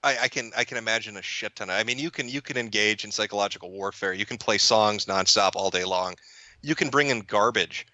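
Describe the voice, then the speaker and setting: A man's voice: fairly low pitch, fairly quick, sharp tone, no room sound, lo-fi sound. A man chatting casually as a guest, rambling and profane, stumbling through restarts and often laughing mid-sentence. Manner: amused, laughs while talking. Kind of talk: casual chat.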